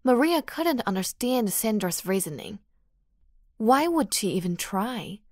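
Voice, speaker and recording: Female audiobook narrator, slow measured delivery, mid pitch, dry close mic. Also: sing-song, a little mellow, no room sound. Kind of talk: scripted narration.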